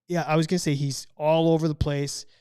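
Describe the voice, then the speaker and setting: Male podcast host, slightly higher voice, dry close mic, playful questioner. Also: little pitch movement, mellow, smooth, dry recording. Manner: playful, asks quick questions, reads chat comments. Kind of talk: casual chat.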